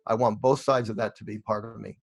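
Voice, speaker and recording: A middle-aged man, a guest in an interview, telling stories in an animated way and acting out the dialogue of people he met. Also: on the low side, a little fast, vocal fry, faint music behind. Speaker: guest, real estate investor. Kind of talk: storytelling interview answers.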